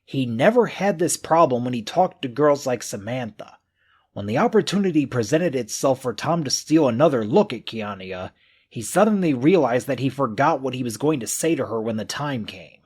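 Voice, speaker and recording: Narrating a mystery audiobook at a moderate pace, this man has a medium pitch with a breathy edge. He reads expressively, giving voice to the characters' thoughts.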